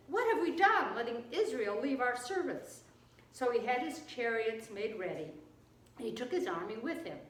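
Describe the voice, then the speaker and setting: A woman teaching children, retelling and explaining a Bible story in an expressive way. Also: a little high, a little hiss or hum. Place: church. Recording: echoey room, distant mic.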